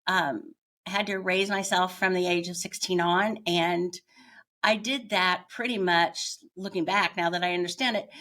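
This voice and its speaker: Older woman, kinda low voice, yoga teacher guest opening up about her life, candid and reflective, stops to find her words. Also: a bit bright. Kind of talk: reflective personal storytelling.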